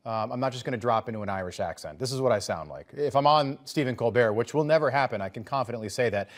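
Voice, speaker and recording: A man's voice: mid-range voice, lively intonation, quick pace. A man hosting a political commentary show, talking in a conversational, emphatic way with sarcastic asides.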